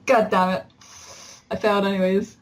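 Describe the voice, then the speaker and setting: A woman plays a tabletop game in relaxed, casual talk. She laughs often and swears freely. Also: medium pitch, normal speed. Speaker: player.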